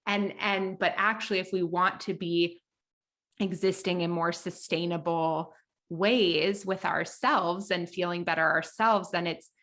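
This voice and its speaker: A woman hosting a podcast, thinking aloud in a relaxed, conversational way. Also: on the low side, measured pace. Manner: thoughtful, conversational, many fillers and restarts while thinking aloud. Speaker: podcast host.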